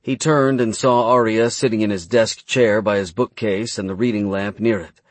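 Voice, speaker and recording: A man narrating a fantasy novel as an audiobook, reading in a measured, dramatic way. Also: fairly low pitch, steady tone, dry recording.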